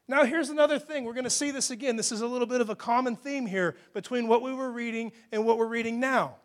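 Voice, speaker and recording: The pastor here has a high voice and a quick pace as he delivers a sermon in a church hall. He chats with the congregation, then builds to emphatic highs before falling into quiet asides.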